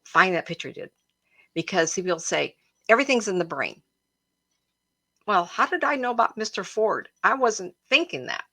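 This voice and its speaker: A woman's voice: mid-range voice, expressive, normal speed, pauses often, bright, forceful tone, no echo. A woman hosting a live stream as a psychic. She tells stories in a chatty, emotional way and talks to her viewers directly. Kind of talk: casual storytelling to a live audience. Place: home, a cat jumping around.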